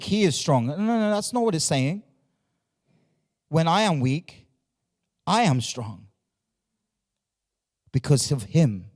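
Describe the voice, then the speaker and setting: A man's voice: a little high, a little mellow, big-room sound. A man preaching a sermon as pastor, repeating phrases and drawing answers from his congregation. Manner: repetitive, call-and-response with the congregation. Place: church.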